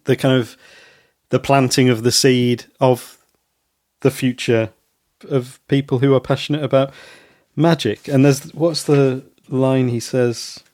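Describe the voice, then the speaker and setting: A man co-hosting a podcast in casual chat, rambling and pausing on many ums. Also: medium pitch, little pitch movement, a little mellow, no room sound. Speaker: podcast co-host.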